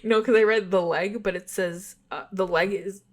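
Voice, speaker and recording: A young woman co-hosting a podcast, reading spooky stories aloud and stopping to chat, giggly and quick to apologize for her stumbles. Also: mid-range voice, fairly even intonation. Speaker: podcast co-host.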